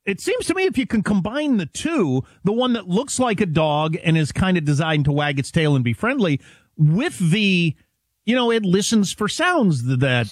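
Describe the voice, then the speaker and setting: A talk radio co-host riffing in a loose, rambling, wry way. His voice is slightly husky and moves up and down a lot. The studio sound is dry and close. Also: high-pitched, very animated, moderate pace, dry recording. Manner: rambling, wry, many fillers. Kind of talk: casual talk radio banter.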